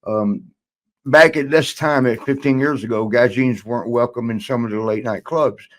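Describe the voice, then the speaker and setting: A man's voice: medium pitch, normal speed. An older man, a guest in a shoot interview, telling a rambling story and laughing now and then.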